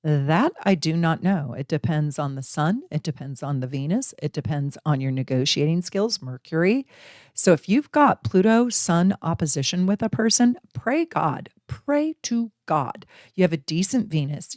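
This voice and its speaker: A woman in her forties speaks with a low, dark-edged voice, recorded close in a dry room with no echo. She talks to her viewers like friends, animated and repetitive, looping back over her points. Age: 40s. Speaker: astrology channel host. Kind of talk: casual direct-to-camera talk.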